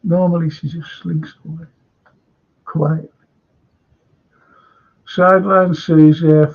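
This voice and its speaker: A Scouse man hosts a live stream, talking slowly and rambling from point to point as he reads out viewer comments. His voice is gravelly and husky, pitched a little high. The audio comes through dull and lo-fi. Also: level tone. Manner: rambling, chatty, stop-start. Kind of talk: casual chat reading viewer comments.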